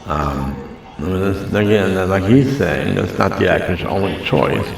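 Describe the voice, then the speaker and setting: A man's voice: sits low, animated, a little slow, gravelly. A man hosting a reaction video, chatting casually in a rambling, self-deprecating way that repeats itself. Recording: very echoey room, mic at a distance.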